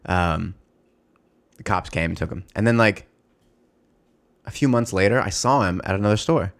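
A man telling a story in casual, animated talk, heavy on swearing, fillers and restarts. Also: sits low, moderate pace. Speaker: former store security guard.

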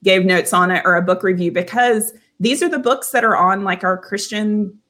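A woman's voice: mid-range voice, moderate pace, a bit bright, slight background noise. A woman co-hosting a casual Christian podcast discussion, talking earnestly and reading quotes aloud carefully. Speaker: podcast co-host.

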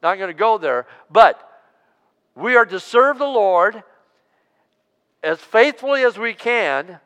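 A high-voiced man preaches from the pulpit, stretching out words slowly and calling on the congregation to say lines back with him. His voice is smooth and clear and rings through a reverberant church hall. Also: sing-song, a bit bright. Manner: preaching with call-and-response, drawn-out emphasis. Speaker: pastor. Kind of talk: sermon. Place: church sanctuary.

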